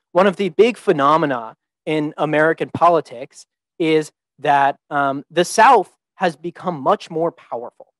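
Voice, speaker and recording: A man's voice: on the high side, no room sound, low-quality recording. A young man giving an informal talk to students as a teaching fellow, thinking aloud with many ums and restarts. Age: young adult. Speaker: visiting teaching fellow presenting.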